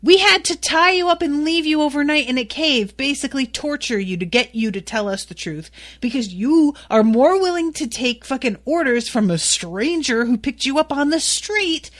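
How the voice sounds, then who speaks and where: A woman's voice: sits high, lively intonation, moderate pace, few pauses, pitched above the performer's own voice. A woman voicing a furious teenage girl who sarcastically tears into her boyfriend while swearing. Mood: angry, sarcastic.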